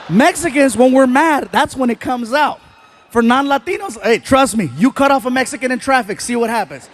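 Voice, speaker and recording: A man doing live stand-up storytelling on a theater stage into a handheld mic, animated and shouting his punchlines. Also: extremely high pitch, normal speed, a little hiss or hum. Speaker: stand-up comedian.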